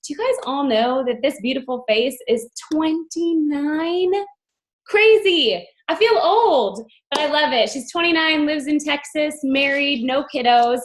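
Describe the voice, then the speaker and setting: A woman with a slightly high voice opens a team video call. She introduces her guest in an upbeat, gushing way. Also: animated, a little slow, low-quality recording. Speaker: host.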